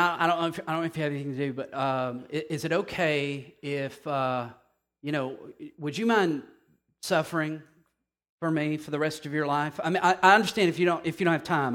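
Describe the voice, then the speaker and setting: A man's voice: a little high, fairly bright tone, voice pushed down, lightly acted. A man doing a timid, stammering pleader. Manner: hesitant, stammering, overly polite. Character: timid pleading man asking permission, apologetic.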